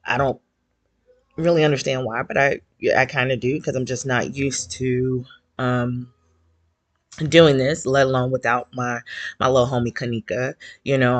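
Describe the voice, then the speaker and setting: A man's voice: mid-range voice, fairly bright tone, no room sound. A man hosting a casual livestream from his couch at home. He sounds nervous, his voice is shaky and he fills his talk with many ums. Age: older adult. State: shaky voice from nerves. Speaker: host of a fan support livestream.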